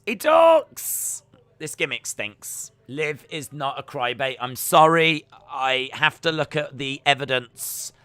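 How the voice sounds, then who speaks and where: A man's voice: medium pitch, pushed and bright, smooth, no room sound. A man hosting a live wrestling watch-along, reacting and joking as he watches, teasing and chanting taunts at the screen.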